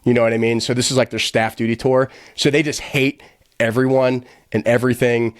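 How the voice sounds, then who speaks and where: A man guest on a podcast, telling a story in a casual, animated, profane way, laughing often and rambling with lots of "like". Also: mid-range voice, no echo, studio quality. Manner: quick, rambling, heavy use of filler "like".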